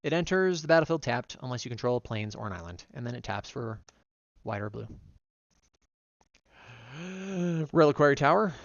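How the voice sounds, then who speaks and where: Gravelly man reading card text. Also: mid-range voice, lively intonation, dry recording, dull audio. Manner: reads card text aloud, quick and run-on. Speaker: vtuber streamer. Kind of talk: casual card-by-card deck reading.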